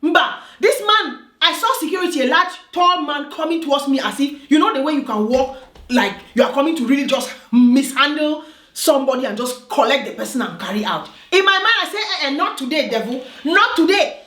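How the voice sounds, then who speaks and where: A woman's voice: high voice, expressive, brisk, fairly bright tone. A woman from Africa telling a personal story in a vlog, emphatic and repetitive, often checking "do you understand?". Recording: roomy echo.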